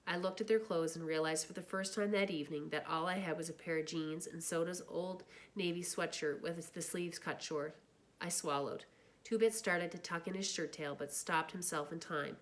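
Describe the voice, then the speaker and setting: Woman, low-pitched, steady novel reading, plain narration. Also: moderate pace. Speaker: reader.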